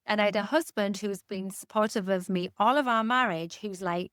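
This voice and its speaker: A woman's voice: medium pitch, moderate pace, few pauses, fairly bright tone, no echo, clean studio sound. A woman in her fifties, a guest expert in a casual podcast interview, talking candidly with jokes and casual swearing.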